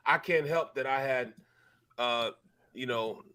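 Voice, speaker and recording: A man's voice: mid-range voice, slow, sharp tone, clear, resonant tone. A middle-aged man, a former football lineman, talking sports in a heated, emphatic way and repeating his points. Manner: fired up, emphatic, repeats himself. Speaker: former NFL lineman, guest analyst.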